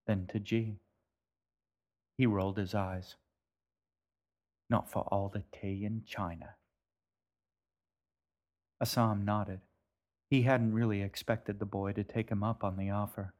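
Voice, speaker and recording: A man, the author, narrating his own story in a gentle, measured way. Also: fairly low pitch, flat delivery. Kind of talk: audiobook narration.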